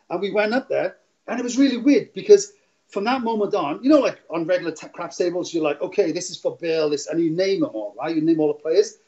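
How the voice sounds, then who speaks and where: Middle-aged man, rambling storyteller who laughs often; lightly raised pitch, muffled lo-fi recording. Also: mellow. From Wales. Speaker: guest, casino dealer. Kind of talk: casual interview storytelling. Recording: dull lo-fi audio.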